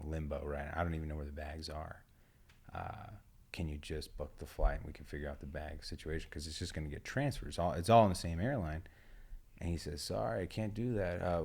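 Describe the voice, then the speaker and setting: A man co-hosting a podcast, telling a rambling travel story in a relaxed way, swearing and laughing. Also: a bass voice, creaky. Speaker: podcast co-host. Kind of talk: casual storytelling chat.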